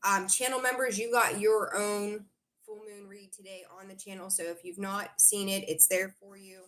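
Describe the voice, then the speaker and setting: A woman's voice: mid-range voice, flat delivery, moderate pace, fairly bright tone. A woman hosting a live tarot stream, rambling casually with lots of fillers and restarts while greeting viewers. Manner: chatty, rambling, reads out viewer comments; frequent fillers and self-corrections. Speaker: tarot reader hosting a livestream. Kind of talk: casual livestream chat.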